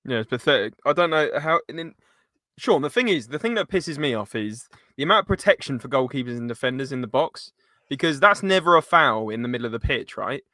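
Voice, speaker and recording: A man's voice: mid-range voice, expressive, a little fast, pushed and bright, no echo, studio quality. A man co-hosting a live match watchalong, chatty and arguing his points while reading out the chat. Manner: chatty, reasoning, reads out the chat. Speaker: watchalong co-host.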